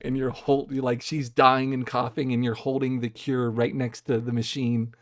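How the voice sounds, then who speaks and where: A man's voice: mid-range voice, flat delivery, normal speed, no echo, clean studio sound. A man co-hosting a podcast, casually retelling scenes from a video game with quoted lines. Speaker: podcast co-host. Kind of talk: casual chat.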